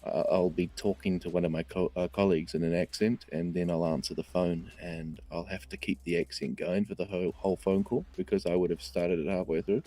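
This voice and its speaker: A man's voice: low voice, fairly even intonation, fairly quick, few pauses, warm tone. A man with a New Zealand accent, a guest in a casual livestream chat, talking in a joking, self-deprecating way.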